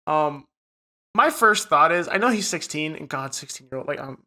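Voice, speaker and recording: A man's voice: a little high, animated, moderate pace, bright, forceful tone. A young man co-hosting a podcast, swearing a lot as he retells a story in casual chat. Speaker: podcast co-host.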